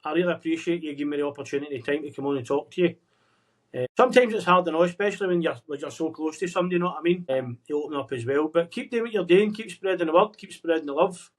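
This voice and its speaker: A man's voice: fairly high pitch, very fast. A man guest speaking earnestly and encouragingly on a video call, giving motivational advice in casual chat and calling the host "mate". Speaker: podcast guest. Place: remote conversation across the world.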